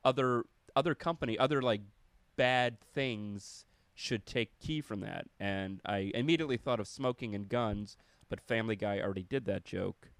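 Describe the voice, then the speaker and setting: A man's voice: lowish voice, moderate pace, creaky, few pauses, clean tone, dry recording. A man, a comedian and podcast host, talking casually in a profane, rambling way. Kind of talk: casual chat.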